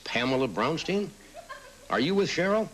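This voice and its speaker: A man's voice: a little high, big pitch swings, moderate pace, slight background noise, rough recording. A middle-aged man hosting a late-night talk show, reading audience cards aloud and teasing them with wry quips. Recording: old TV broadcast with loud audience. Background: studio audience laughing.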